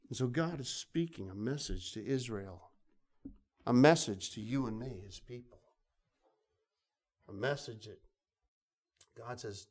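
A man preaching a sermon, pleading, drawing out phrases slowly and dropping to soft, hushed passages. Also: medium pitch, animated.

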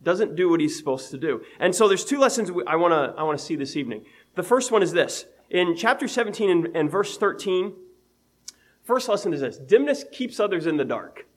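A man with a voice pitched a little high for a man, delivering a sermon. He talks in an easygoing, conversational way, reads old scripture aloud, and chuckles at his own homely examples. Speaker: preacher.

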